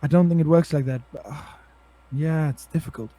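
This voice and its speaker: On the high side and warm, this young South African man's voice moves fairly quickly, carrying a South African accent. As a streamer guesting on a podcast, he keeps things casual and laid-back, full of slang and "bro."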